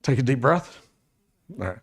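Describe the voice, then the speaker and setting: A man's voice: mid-range voice, lively intonation, normal speed, husky. A middle-aged man teaching a first aid class to a live audience, casual and joking, talking straight to the people in the room.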